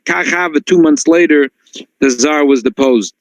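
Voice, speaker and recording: Rabbi telling a story in a class. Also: male voice, fairly high pitch, normal speed, dry recording, low-quality recording. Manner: animated storytelling, frequent restarts, Yiddish and Hebrew phrases.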